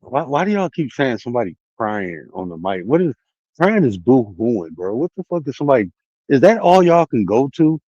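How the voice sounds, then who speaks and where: A very animated man, speaking a little fast in a medium-pitched, darkish voice, rants casually on his own livestream as a streamer and life coach. The streaming setup mic sounds muffled but echo-free. He taunts chat with swearing and dares viewers to join the call.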